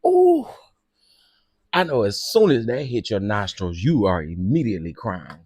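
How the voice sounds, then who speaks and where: A man hosting a casual gossip commentary, sassy and dramatic, who often bursts into loud laughter. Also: fairly low pitch, big pitch swings, moderate pace, slightly rough, no room sound, studio quality.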